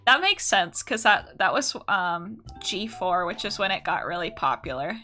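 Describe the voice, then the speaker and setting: A young woman from the United States chats loosely with her viewers during a live art stream, swearing freely. Her voice is bright and forward, and her pitch bounces around a lot as she talks. Soft music plays faintly behind her. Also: sing-song, normal speed. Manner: chatty and profane, answering chat. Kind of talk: casual live-stream chat.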